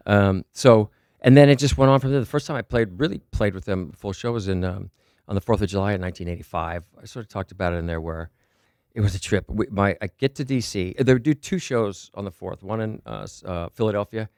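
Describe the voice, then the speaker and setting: A middle-aged man telling stories as a podcast guest, excited and profane, acting out the people in his anecdotes. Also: fairly low pitch, fairly quick, dry recording, studio quality. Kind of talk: animated storytelling.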